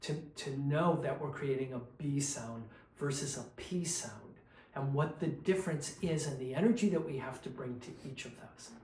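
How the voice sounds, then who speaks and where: A man's voice: medium pitch, normal speed. Man coaching diction in an echoey room. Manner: calm, explanatory, demonstrates drills aloud. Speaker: vocal coach. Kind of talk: instructional diction drills. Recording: roomy echo, faint background noise.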